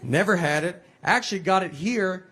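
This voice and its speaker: A man in his forties with a Southern American accent, doing a rambling, deadpan stand-up routine on a comedy stage. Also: sits high, normal speed, husky. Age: 40s. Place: comedy stage before a laughing audience. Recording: stage mic with audience laughter.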